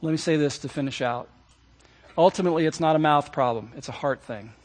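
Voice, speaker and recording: A man's voice: on the high side, a little fast. A man preaching a sermon as pastor, speaking earnestly and directly to his congregation, repeating key phrases for emphasis. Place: church service.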